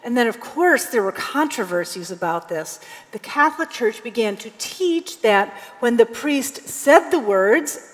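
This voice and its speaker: A woman's voice: on the high side, lively intonation, a little slow. A woman pastor giving a sermon in a conversational preaching style, now and then reading scripture aloud with emphasis. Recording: long hall reverb.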